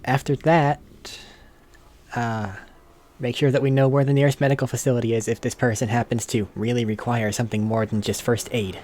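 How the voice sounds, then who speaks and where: A man's voice: medium pitch, flat delivery, brisk, darkish tone. A man playing a tabletop role-playing game, thinking aloud and chuckling as he plans. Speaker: player. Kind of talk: casual tabletop role-play chat.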